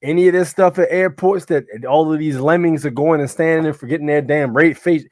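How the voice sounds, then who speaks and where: A man's voice: on the high side, steady tone, a little fast, no echo, clean studio sound. A man hosting a live stream, reacting to clips in slangy, rambling casual commentary, talking to his chat. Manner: slangy, rambling, many fillers and "you know what I'm saying". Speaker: livestream host.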